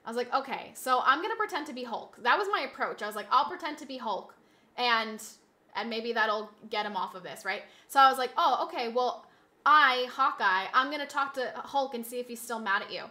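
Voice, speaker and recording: A woman streaming from home, her voice high and lifted above most, chatting casually with her viewers. She rambles through stories, starting sentences over and repeating herself as she goes. Her tone is bright and forward, picked up on a desk mic. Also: animated, normal speed. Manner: rambling storytelling with many restarts and repeats. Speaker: live streamer. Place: indoors at home streaming setup.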